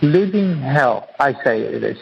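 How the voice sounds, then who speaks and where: A man's voice: mid-range voice, expressive, measured pace, gravelly, muffled recording, a little hiss or hum. A man guest, an author and acupuncturist, explaining his teaching in an earnest, repetitive, teacherly way during an interview.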